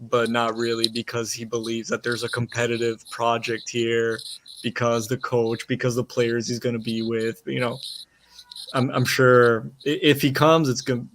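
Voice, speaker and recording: Flat-voiced man musing over soccer. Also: medium pitch, moderate pace, slight background noise. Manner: hesitant, many fillers and restarts. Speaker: soccer podcast panelist. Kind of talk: casual chat.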